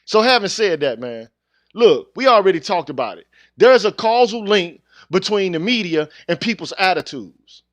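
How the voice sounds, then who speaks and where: A man's voice: high voice, expressive, normal speed, dry recording. A man hosting his own channel, ranting bluntly in street slang, heated and confrontational in a casual monologue to viewers. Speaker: channel host.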